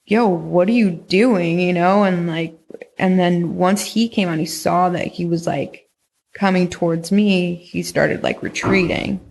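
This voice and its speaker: Young woman, creaky voice, rambling casual storyteller full of "like" and swearing. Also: lowish voice, steady tone, measured pace, darkish tone. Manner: rambling, heavy use of "like", frequent swearing. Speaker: podcast guest recounting experiences.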